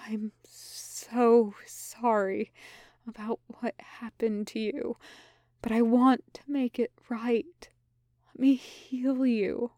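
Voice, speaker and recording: A woman's voice: a little high, steady tone, unhurried, darkish tone, dry recording, clean studio sound, natural voice. A woman voicing a frightened male demon who pleads and stammers earnestly. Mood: pleading.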